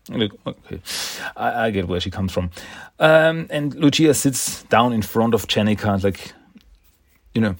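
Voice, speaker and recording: A man's voice: medium pitch, expressive, a little slow, no echo, clean studio sound. A man casually recapping a comic book issue, enthusiastic and rambling, often laughing and restarting words.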